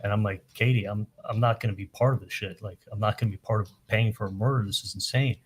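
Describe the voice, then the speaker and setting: A man testifying in court, telling events in a halting way, often repeating words and retelling what was said with "I'm like". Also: fairly low pitch, steady tone, breathy edge. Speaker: trial witness testifying.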